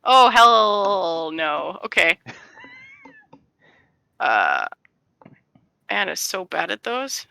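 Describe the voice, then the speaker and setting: A woman playing a tabletop game, excitable and quick to laugh. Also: medium pitch, gravelly, clean tone, no room sound. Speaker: player. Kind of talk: casual tabletop game talk.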